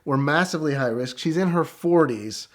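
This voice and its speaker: A middle-aged man telling a story in a casual, animated way, with quick excited bursts. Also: fairly high pitch. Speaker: guest storyteller.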